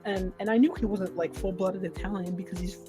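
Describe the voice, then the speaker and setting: A young woman co-hosting a podcast, chatting casually with a friend, animated and laughing, swearing freely. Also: mid-range voice, a little fast, over music. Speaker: podcast co-host. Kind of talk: casual chat between friends.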